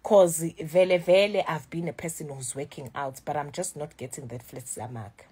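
A South African woman in her thirties venting in a casual vlog, animated and switching between languages mid-sentence. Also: low-pitched, normal speed, breathy edge. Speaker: YouTuber.

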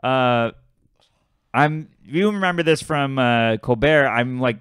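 A podcast co-host tells a story in casual conversation, riffing and acting out the people in it with quoted voices. His voice sits at medium pitch, moves at a slow pace, and sounds fairly bright and smooth. The studio recording is clean with no echo.

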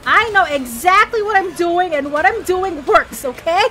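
Panicky, jokey woman gamer on stream. Very high, bright voice, faint music underneath. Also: lively intonation, normal speed. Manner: panicky, jokey, bursts into shrieks and laughs. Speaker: streamer playing a horror game. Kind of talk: casual gameplay commentary.

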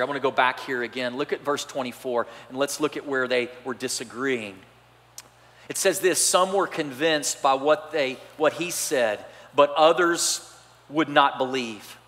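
A man preaching a sermon as pastor, animated and swinging between loud and soft delivery. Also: a little high. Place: church sanctuary. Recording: church hall reverb.

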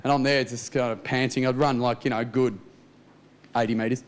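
Self-mocking Australian stand-up comedian. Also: male voice, medium pitch, fairly even intonation, a little fast. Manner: chatty, self-mocking storytelling. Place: TV studio with live audience.

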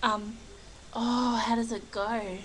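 Slow, bright young woman faking American accent. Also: fairly high pitch, flat delivery, poor audio. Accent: put-on American accent. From Australia. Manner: rambling, giggly, chatty. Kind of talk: casual webcam vlog. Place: living room at home. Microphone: built-in webcam mic.

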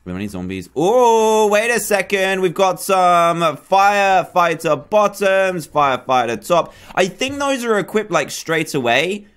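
A young man commentating a zombie survival game with lively, bouncing pitch that sits a little high for a man. He chatters along, then yelps and shouts at the enemies that chase him. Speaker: gaming YouTuber. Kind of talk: excitable gameplay commentary.

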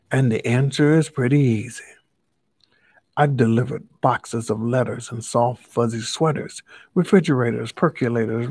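A man's voice: mid-range voice, darkish tone, husky, no echo. A man voicing a talkative, proud male stork postmaster in a children's storybook, reeling off rhyming lists. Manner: chatty, lists things in rhymes.

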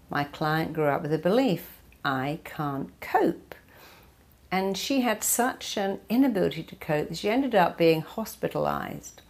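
A woman's voice: low voice, a little slow, darkish tone. A woman therapist giving a motivational talk, emphatic and building her points through repeated lists.

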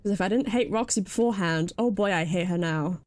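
A woman's voice: medium pitch, brisk. A British woman streaming a video game live, jumpy and swearing freely as she comments and talks to her chat.

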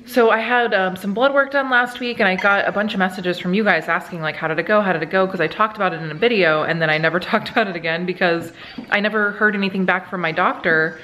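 A woman's voice: medium pitch, fast talker, bright, forceful tone, slight background noise, low-quality recording. A woman in her thirties chatting casually to camera at home as a vlog host, rambling with lots of filler words. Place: family home at dinner time.

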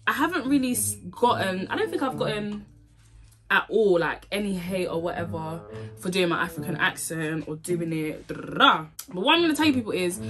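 A woman's voice: medium pitch, sharp tone. A young woman, chatting playfully and joking as she does her makeup on camera. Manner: playful, jokey, laughs often. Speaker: beauty vlogger. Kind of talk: casual chat while doing makeup.

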